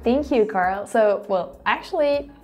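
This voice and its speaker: A French woman hosting and reacting aloud, animated and quick to exclaim and laugh. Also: a little high, soft background music. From France. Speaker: host. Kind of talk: casual reaction commentary.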